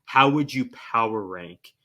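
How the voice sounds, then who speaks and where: A man's voice: mid-range voice, measured pace, lo-fi sound. A man hosting a wrestling podcast, plugging the channel and steadily putting questions to his co-host. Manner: steady, asks questions, reads tweets aloud. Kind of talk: casual chat with listener plugs.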